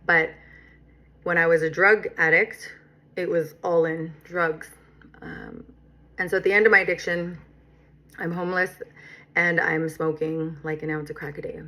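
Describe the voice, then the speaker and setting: A middle-aged woman sharing her personal recovery story in a vlog, earnest and reflective, with pauses and frequent "right?" and "you know". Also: on the low side, fairly even intonation, pushed and bright. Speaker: recovery vlogger. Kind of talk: personal testimony to camera.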